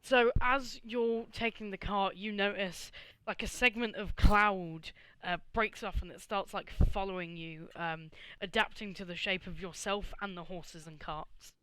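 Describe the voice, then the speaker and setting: A man's voice: high-pitched, steady tone, unhurried, pushed and bright, clean tone. A man running a tabletop game as game master over a video call, casual and full of fillers.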